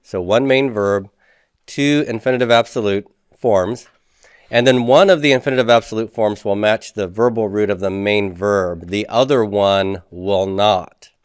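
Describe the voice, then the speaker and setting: A man teaching a recorded grammar lecture, explaining step by step, spelling out Hebrew words slowly and often asking "okay?" to check in. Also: fairly low pitch, smooth, no room sound, studio quality.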